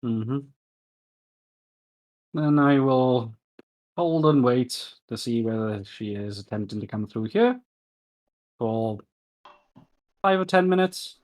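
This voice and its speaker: A man playing a tabletop role-playing game, speaking in a calm, matter-of-fact way. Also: medium pitch, slow pace, pauses often. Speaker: player. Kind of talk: casual tabletop play.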